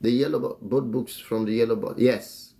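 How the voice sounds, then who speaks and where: A man's voice: medium pitch, fairly even intonation, normal speed, creaky, warm tone. A man teaching about marriage on a live stream in a preachy way. He repeats phrases and chuckles often between remarks. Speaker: relationship teacher and author.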